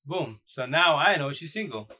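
A man's voice: a little high, animated, moderate pace, pushed and bright, rough recording. A man hosting a casual live stream, talking bluntly in loose slang with many restarts. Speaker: live-stream host giving dating advice. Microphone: phone or computer mic on a live stream.

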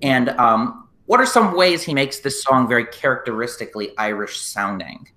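A male podcast host with a bright, forceful voice, chatting casually and reading out his show's plugs. His voice rings in a roomy space. He asks questions and keeps things moving. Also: medium pitch, animated, normal speed. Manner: chatty, reads out social media plugs.

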